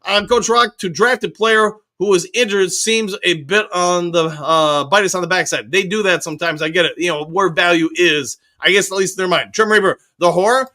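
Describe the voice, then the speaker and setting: A high-pitched man hosts a live fan stream, reading out viewer comments one by one and replying in an upbeat, chatty way. His voice is bright and forceful, with plenty of casual fillers between thoughts. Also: normal speed, hardly any pauses. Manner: reads viewer comments aloud and answers them, upbeat, many fillers. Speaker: host of a live fan show reading chat.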